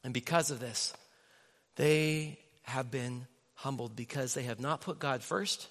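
A man preaching a sermon as the pastor in a church, telling stories in an animated way and acting out the voices in people's heads. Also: medium pitch, measured pace. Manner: animated storytelling with acted inner voices. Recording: long reverb of a church hall.

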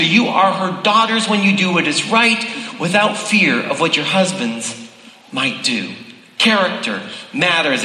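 Male pastor, high and bright, preaching straight to the congregation; roomy hall with long reverb. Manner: direct, addresses the congregation. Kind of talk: sermon.

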